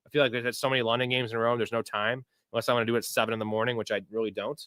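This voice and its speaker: A man's voice: medium pitch, flat delivery, racing, fairly bright tone, clean tone, no echo, clean studio sound. A young man hosting a live sports betting show, chatting casually and loosely with viewers in profane, hyped-up bro talk. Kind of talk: casual livestream chat answering viewer questions.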